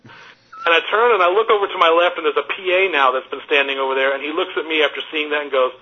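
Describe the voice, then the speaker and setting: A man telling a casual anecdote as a guest, animated and self-mocking, with frequent restarts. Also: a little high, quick pace, a little hiss or hum. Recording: dull lo-fi audio.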